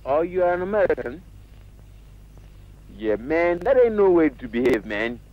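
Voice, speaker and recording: Boastful trickster Ananse. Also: male voice, on the high side, sing-song, normal speed. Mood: coaxing. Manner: blustering, wheedling, switches languages. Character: boastful trickster Ananse, sly adult man. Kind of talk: 1960s film acting. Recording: dull lo-fi old film sound.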